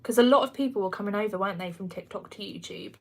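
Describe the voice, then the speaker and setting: A woman's voice: medium pitch, quick pace, gravelly, darkish tone. Young woman, Kent accent, casual livestream chat, laughs often, answers comments. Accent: Kent English. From England. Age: 20s. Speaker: livestream host.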